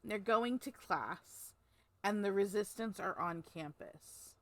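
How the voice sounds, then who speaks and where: A woman's voice: medium pitch, slow, fairly bright tone. A woman co-hosting a book podcast, retelling a novel's plot in a rambling, casual way with lots of fillers. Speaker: podcast co-host. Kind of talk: casual book-club chat.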